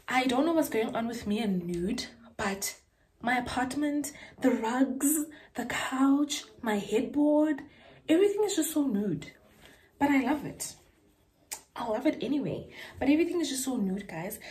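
A young woman, chatting casually and excitedly about clothes she bought, gushing and slangy. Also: fairly high pitch, a little hiss or hum. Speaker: vlogger and school teacher. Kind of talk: casual haul chat.

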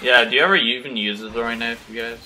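A man's voice: mid-range voice, quick pace, background noise. A young man hosting a gaming video, chatting in a goofy, playful way. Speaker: gaming channel host. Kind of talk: casual gaming chat.

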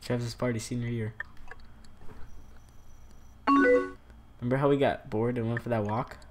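A young man hosting a let's play, joking and reading chat messages aloud in an animated voice. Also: medium pitch, unhurried. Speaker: gaming channel host. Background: loud game music.

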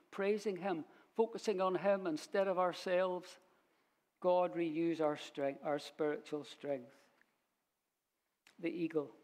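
A man teaching a Bible sermon in a church, unhurried and storytelling as he quotes verses. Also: sits high, a little mellow. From Scotland. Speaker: preacher.

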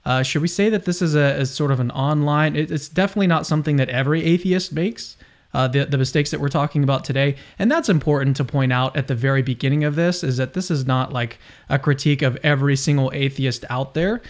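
A man's voice: fairly high pitch, fast. A young adult man hosting a casual video discussion, chatty and enthusiastic with frequent restarts. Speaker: host.

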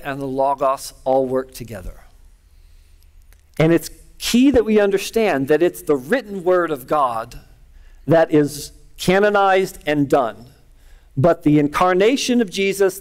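A middle-aged man preaching a sermon, telling a personal story in an earnest, conversational way. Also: a little high. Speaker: pastor.

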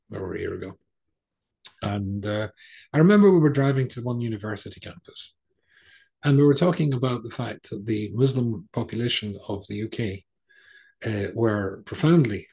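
A man's voice: lowish voice, a little mellow, breathy edge. A middle-aged man giving a storytelling sermon as a rabbi, conversational, with frequent ums and restarts.

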